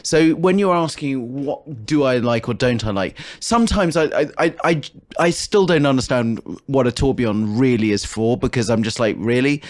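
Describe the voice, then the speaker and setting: A man's voice: medium pitch, moderate pace, few pauses. Rambling, laughing podcast man. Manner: rambling, restarts sentences, laughs often. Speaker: podcast co-host. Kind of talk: casual podcast chat.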